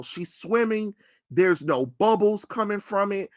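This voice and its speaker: A man's voice: high-pitched, animated, measured pace, loud music behind the voice. Blunt, mocking young male streamer. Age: young adult. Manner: blunt, mocking, profane ranting. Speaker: live streamer. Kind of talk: live reaction commentary.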